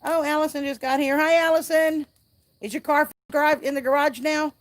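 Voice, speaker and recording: A woman's voice: high-pitched, fairly even intonation, a little fast. A woman hosting a casual outdoor livestream by a fire, chatting and reading viewer comments aloud. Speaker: livestream host.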